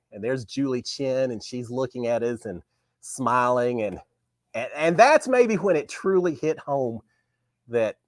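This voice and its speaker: Male host, middle-pitched, lively storyteller who acts out quotes. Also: no room sound. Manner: animated, acts out remembered dialogue. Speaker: host of a live talk show. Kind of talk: casual storytelling.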